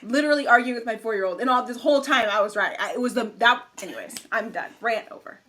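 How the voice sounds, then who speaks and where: A woman's voice: a little high, quick pace, slight background noise. A young woman co-hosting a casual podcast, telling a story with lots of acted-out quotes. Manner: animated storytelling, acts out quotes. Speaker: podcast co-host. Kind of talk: casual chat.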